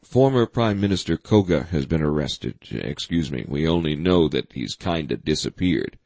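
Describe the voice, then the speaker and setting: A man reading the lines of an urgent, sharp presidential adviser in an audiobook. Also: very deep voice, lively intonation, moderate pace, vocal fry, dry recording, heavily acted.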